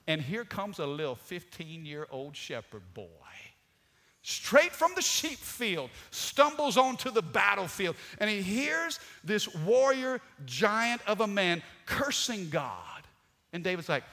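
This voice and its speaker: A man preaching a sermon with dynamic delivery, swinging from loud to soft. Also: high-pitched, sing-song, a little slow. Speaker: pastor. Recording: long hall reverb.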